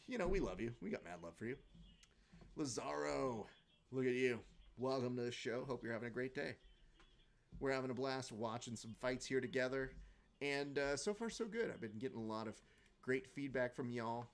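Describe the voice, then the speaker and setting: Chatty man hosting a live watch-along. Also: mid-range voice. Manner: joking, chatty, reads viewer comments aloud. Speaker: host of a live fight watch-along show. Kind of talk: casual live-stream commentary.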